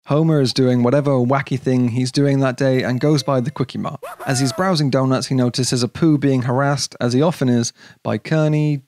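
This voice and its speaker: A man narrating a scripted video essay in a measured, explanatory way. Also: mid-range voice, creaky, darkish tone, dry recording, clean studio sound.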